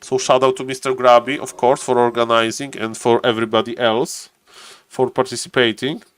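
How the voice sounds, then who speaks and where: A man with a non-native English accent casting a strategy game live, chatting with viewers and rising in excitement over key plays. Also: mid-range voice, moderate pace, dry recording. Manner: chatty, greets chat viewers, repeats "ladies and gentlemen". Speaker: game caster and streamer.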